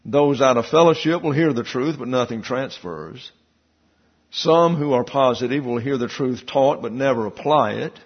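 A man preaching a sermon, teaching from scripture and breaking off into asides and quick questions to the people listening. His voice is husky, sits at a mid pitch, and comes through a dull, lo-fi recording. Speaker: pastor.

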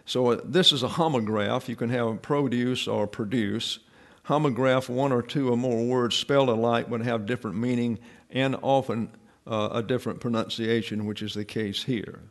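A man's voice: medium pitch, fairly even intonation, normal speed. Middle-aged male Bible teacher, scholarly and wry, working through a text with frequent fillers. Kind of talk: verse-by-verse Bible lesson.

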